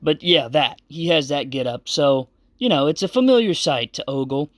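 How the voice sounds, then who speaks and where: A man's voice: fairly high pitch, animated, moderate pace, dry recording, studio quality. A man narrating a tabletop game as game master, in a casual, rambling way with many fillers.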